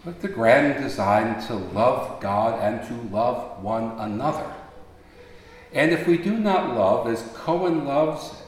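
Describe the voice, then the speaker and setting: A man preaching a sermon in a large church sanctuary, telling stories in an unhurried way. He swells into emphatic appeals and then drops quiet again. His voice carries a long, booming echo through the hall.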